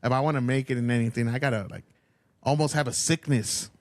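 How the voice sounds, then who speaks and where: A man's voice: medium pitch, fairly even intonation, fast talker, dry recording. A man hosting a podcast, chatting loosely, swearing freely and encouraging his guest. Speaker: podcast host. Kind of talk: casual podcast chat.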